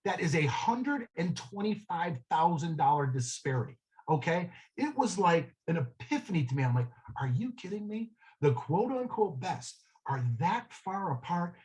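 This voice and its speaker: A man's voice: on the high side, big pitch swings, moderate pace, a little mellow, low-quality recording. A man giving a real estate sales training talk, telling a story in a conversational way and checking in with the room often. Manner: conversational storytelling, frequent "okay?" check-ins.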